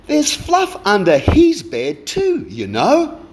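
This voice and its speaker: A man pitches his voice up to play a small boy, the youngest of the house, who answers back in a high, squeaky protest. His voice leaps and swoops as he sulks and snaps in a read-aloud poem. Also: huge pitch swings, takes it slowly, slight background noise, heavily acted.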